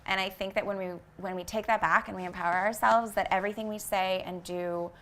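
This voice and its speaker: A woman who founded a vegan fashion brand, talking as an interview guest in an earnest, reflective way and often pausing on fillers as she searches for words. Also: medium pitch, fairly even intonation, fairly bright tone, a little hiss or hum. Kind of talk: casual reflective interview talk.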